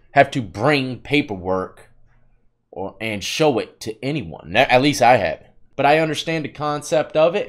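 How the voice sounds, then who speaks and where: A man hosting a reaction vlog, talking about prison life in a laid-back, slangy way. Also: mid-range voice. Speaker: host reacting to clips, formerly incarcerated. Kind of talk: casual reaction commentary.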